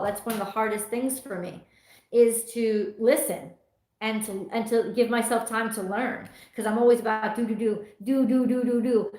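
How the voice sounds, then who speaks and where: A middle-aged woman hosting a tarot livestream, chatting casually and reading viewer comments aloud with frequent laughs. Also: a little high. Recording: echoey room.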